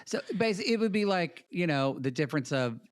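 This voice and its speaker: A man's voice: a little high, expressive, fast talker, dry recording. A man co-hosting a podcast, giving blunt opinions in casual chat about a reality show. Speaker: podcast co-host.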